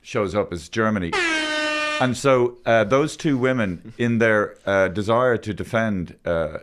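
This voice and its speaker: A man hosting a podcast in casual chat, animated and swearing freely. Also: on the low side, unhurried. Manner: animated, swearing, does mocking voices. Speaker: podcast host.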